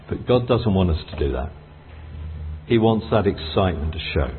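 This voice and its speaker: A man preaching a sermon with enthusiasm, his pitch rising high on emphatic phrases and his speech full of restarts. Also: long reverb tail. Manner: enthusiastic, with wide swings in pitch and frequent restarts. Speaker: pastor. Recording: husky voice on a tinny phone-like line.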